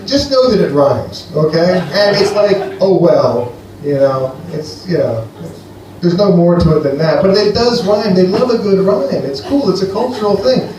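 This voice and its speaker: Rambling comedian in an echoey club. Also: male voice, high voice, normal speed, distant mic, a little hiss or hum. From Greece. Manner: rambling, deadpan, playful with the crowd. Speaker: stand-up comedian. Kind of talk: stand-up comedy set. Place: comedy venue with a live audience. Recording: echoey live room, heard from afar.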